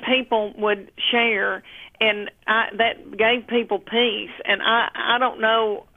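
A woman comedian chatting on the phone from home, fondly calling the host honey and darling. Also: mid-range voice. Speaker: comedian guest. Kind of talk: casual phone interview. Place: at home, lounging. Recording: tinny phone line.

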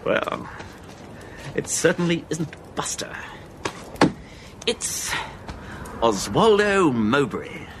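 A man's voice: on the high side, big pitch swings, very slow, long pauses, background noise, full character voice. An actor playing a fussy, genteel hangman who speaks in a prim, wordy, overly polite way.

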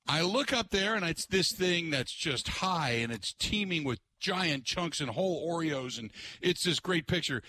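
Lively, bright-voiced ranting radio host man. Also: a little high. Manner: animated, exasperated ranting with mocking voices. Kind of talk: talk radio rant.

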